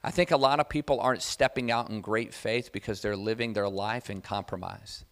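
Animated male preacher. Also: on the low side, fairly quick. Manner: conversational and animated, rising to loud emphatic preaching. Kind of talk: sermon with personal testimony.

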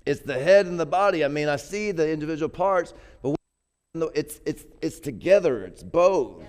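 A man's voice: fairly high pitch, lively intonation, moderate pace, darkish tone. A man preaching a sermon in a conversational way, often repeating words and building to emphatic peaks. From grew up poor.

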